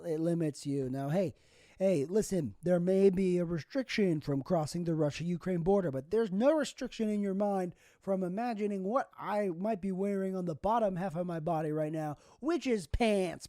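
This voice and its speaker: A man's voice: high voice, mellow, no echo, studio quality. A young man hosting a solo comedy podcast, rambling through goofy, absurd tangents. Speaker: podcast host.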